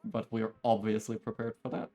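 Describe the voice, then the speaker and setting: A man's voice: on the low side, completely flat delivery, fairly quick, mellow. A man, a game developer, chatting casually on a livestream in an easygoing way. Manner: easygoing, laughing often.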